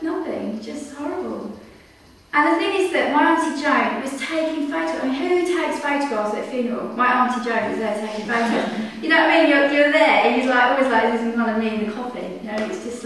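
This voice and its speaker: A woman's voice: high voice, a bit bright. A woman telling a personal anecdote in a chatty way, full of fillers, acting out quotes and giggling. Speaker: storyteller. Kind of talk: personal anecdote told live. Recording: very echoey room, mic far off.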